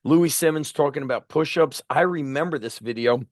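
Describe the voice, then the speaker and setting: A middle-aged strength coach and podcast host in a blunt, profane, fired-up monologue. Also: male voice, a little high, moderate pace, no echo, clean studio sound.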